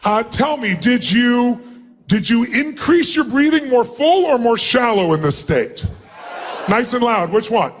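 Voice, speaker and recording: A middle-aged man as a motivational speaker, addressing a huge live seminar crowd in an emphatic, commanding way and often shouting instructions. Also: very high-pitched, animated, a little slow, a little hiss or hum. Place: large event hall with thousands of people.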